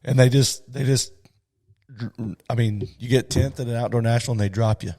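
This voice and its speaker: Casting: friendly male podcast host, mid-pitched voice with a strained, patchy edge, long reverb around it. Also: steady tone, fairly quick, warm tone. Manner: chatty, agreeable, laughs along. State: voice coming and going. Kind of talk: casual interview chat.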